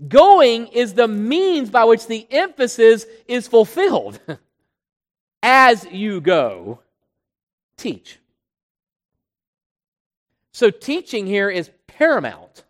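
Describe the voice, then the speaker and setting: A preacher giving an expository sermon, pressing hard on key words and then dropping low and quiet, often repeating phrases while building a point. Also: sing-song, unhurried. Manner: emphatic, swinging between loud stresses and quiet drops. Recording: long hall reverb.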